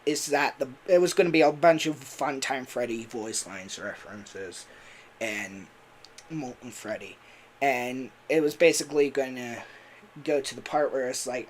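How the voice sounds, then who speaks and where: A man's voice: mid-range voice, a little slow, a little hiss or hum. A man who voices characters, chatting casually on a livestream in a rambling way with lots of fillers. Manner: rambling, full of fillers and laughs. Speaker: voice actor and streamer.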